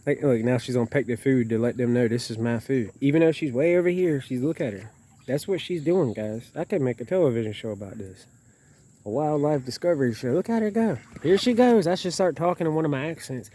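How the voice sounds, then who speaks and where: Male wildlife vlogger, casual and loose, mid pitch, warm low tone. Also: expressive, brisk. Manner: chatty, loose, talks to the birds. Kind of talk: casual outdoor narration. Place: outdoors by a pond.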